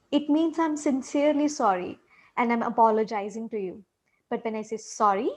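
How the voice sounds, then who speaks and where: A woman teaching a short English lesson on intonation, patiently repeating example questions with exaggerated rising and falling tones. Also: on the high side.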